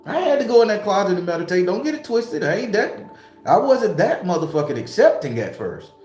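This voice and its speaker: A spiritual YouTuber, a man, preaching to camera with a raised, swooping voice. He swears freely and hammers his point with rhetorical question after question. The room is echoey, with soft music underneath. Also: high-pitched, big pitch swings, a little fast. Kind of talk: impassioned spiritual talk to camera.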